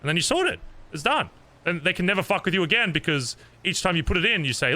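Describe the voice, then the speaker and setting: A man's voice: sits high, lively intonation, quick pace, sharp tone. A man streaming a roleplay game, talking in character as he earnestly lectures another player and swears a lot.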